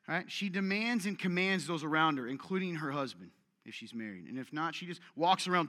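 A man's voice: on the high side, big pitch swings, a little fast, sharp tone. A male pastor preaching a conversational sermon, joking with his audience and acting out the voices he quotes. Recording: long hall reverb.

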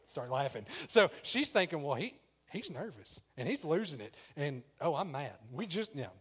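A man preaches in a church, his voice sitting slightly high for a man. He talks to the congregation in a loose, chatty way, often laughing at his own story. Then he leans into the sermon's point. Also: big pitch swings, moderate pace, husky. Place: church sanctuary.

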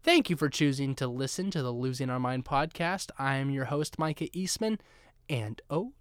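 Young man, podcast host, sarcastic and playful, smooth resonant voice, dry close sound. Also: mid-range voice, lively intonation, normal speed, dry recording. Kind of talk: solo podcast commentary.

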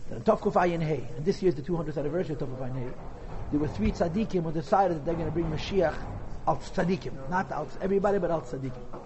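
A man's voice: a little high, rapid-fire, muffled recording, background noise. A man telling a Hasidic story in a class, mixing in Yiddish and Hebrew words.

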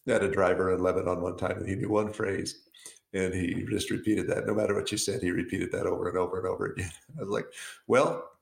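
A man co-hosting a casual talk show, telling stories in a relaxed way with frequent chuckles. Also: sits low, fast talker, vocal fry. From United States. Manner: relaxed storyteller, chuckles often. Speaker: co-host. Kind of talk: casual conversation. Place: Southeast Arizona. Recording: roomy echo.

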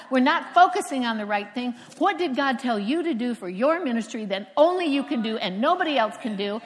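A woman's voice: high-pitched, animated, fairly bright tone. Woman preacher in a reverberant hall. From Florida, USA. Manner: storytelling, emphatic with dramatic pauses. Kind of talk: sermon.

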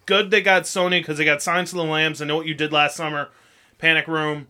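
A man's voice: fairly high pitch, level tone, brisk, pushed and bright. A man hosting a casual radio show, joking and reading entertainment news.

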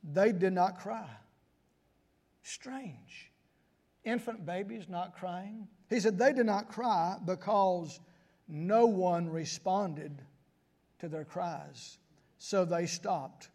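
An older man preaching a sermon, moving between quiet asides and sudden high, shouted emphasis. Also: extremely slow.

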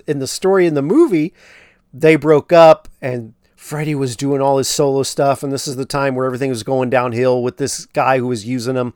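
A man's voice: a little high, no room sound, studio quality. A man hosting a podcast, casually recapping a film with lots of fillers and asides about what really happened. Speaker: podcast host.

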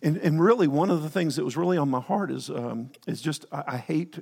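Rambling pastor in a reverberant church. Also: male voice, medium pitch, creaky, a little mellow. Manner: rambling, self-interrupting, with joking asides. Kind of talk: sermon. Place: church sanctuary. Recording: long hall reverb.

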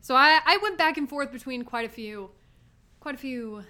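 A woman's voice: sits high, normal speed, pushed and bright. A woman co-hosting a podcast in casual movie-review chat, giggly and rambling. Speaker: podcast co-host.

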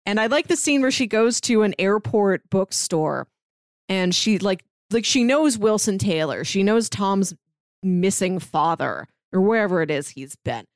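A woman co-hosting a casual book discussion podcast, relaxed and often saying "like". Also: mid-range voice, unhurried, no echo, clean studio sound. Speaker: podcast co-host.

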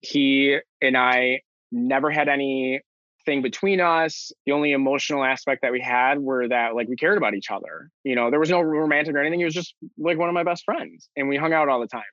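A man's voice: medium pitch, fairly even intonation, fairly quick, fairly bright tone, no room sound, dull audio. A young man in an interview, recounting a personal story earnestly, with many fillers and restarts. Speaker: interview guest.

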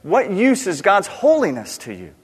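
A man's voice: sits high, huge pitch swings, normal speed, husky. A man preaching a sermon in an earnest, questioning way, repeating key words for emphasis. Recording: long reverb of a large hall.

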